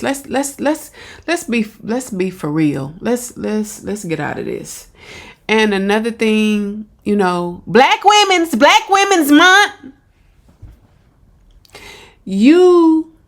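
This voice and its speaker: Slow, gravelly woman commentator. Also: medium pitch. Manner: blunt, repeats herself, talks back to the clip. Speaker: commentator reacting to a video. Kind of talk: casual reaction commentary.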